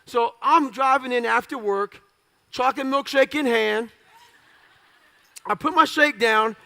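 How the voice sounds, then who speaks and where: A man's voice: very high-pitched, a little slow, vocal fry, long pauses, pushed and bright. A man telling his story in a blunt, profane, punchy way as an interview guest before a live audience. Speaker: guest speaker.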